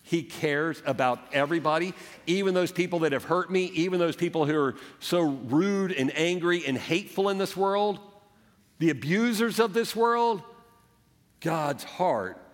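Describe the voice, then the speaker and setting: A man's voice: on the high side, normal speed. Earnest male preacher in a hall. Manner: earnest, conversational preaching with acted quotes. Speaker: pastor. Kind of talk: sermon. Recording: echoey hall.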